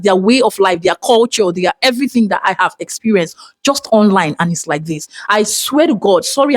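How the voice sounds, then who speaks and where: A vlogger from Nigeria speaks with a Nigerian accent in a mid-range voice. The delivery is dramatic and expressive in an emotional personal monologue. The sound is dry, with no room echo. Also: mid-range voice.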